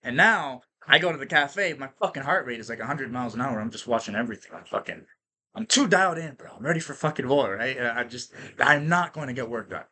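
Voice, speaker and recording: A man hosting a podcast, telling stories in an energetic, casual monologue that is full of profanity and tag questions like "right?". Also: mid-range voice, quick pace, hardly any pauses. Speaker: podcast host.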